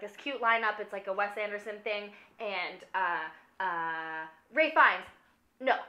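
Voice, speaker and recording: A woman's voice: a little high, pushed and bright. A drunk young woman rambling through a comic movie recap, filling every phrase with "like". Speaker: film recapper.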